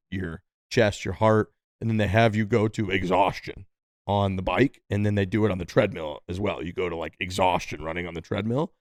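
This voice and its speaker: A man tells a long, loose story on a podcast, peppering it with "like" and "dude" and acting out other people's lines. His voice sits a little low, and the sound is dry and close with no room echo. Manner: rambling, lots of "like" and "dude", quotes others in different voices. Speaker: podcast co-host. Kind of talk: casual storytelling.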